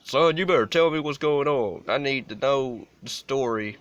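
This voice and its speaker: A man's voice: medium pitch, normal speed, lo-fi sound, pitched above the performer's own voice, close to an everyday voice. A man voicing a stern, preachy middle-aged male pastor with a Southern US accent, scolding in a demanding, fatherly way.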